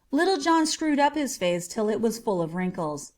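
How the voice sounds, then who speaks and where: A woman narrating a storybook in a gentle, measured way. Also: a little high, sing-song. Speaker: audiobook narrator.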